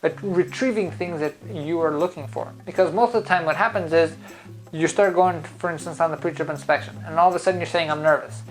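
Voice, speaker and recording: A man's voice: on the high side, fairly quick, faint music behind, rough recording. A man who founded a driving school gives an upbeat, coaching talk straight to his viewers. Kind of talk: motivational talk to camera.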